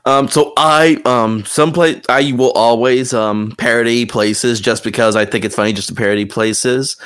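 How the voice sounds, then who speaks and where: A man's voice: medium pitch, fairly even intonation, normal speed, fairly bright tone, clear, resonant tone. A man with a Southern US accent hosting a casual podcast chat, rambling with many fillers and restarts. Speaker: podcast host and game master.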